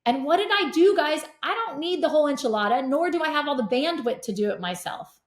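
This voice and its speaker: A middle-aged woman telling stories as a podcast guest, energetic and animated. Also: high voice, a little fast. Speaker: podcast guest, real estate investor. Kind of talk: casual conversation. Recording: roomy echo.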